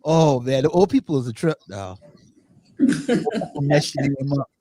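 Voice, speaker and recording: A man hosting a casual panel talk show, animated and laughing, repeating phrases for effect. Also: medium pitch, unhurried, husky, dry recording.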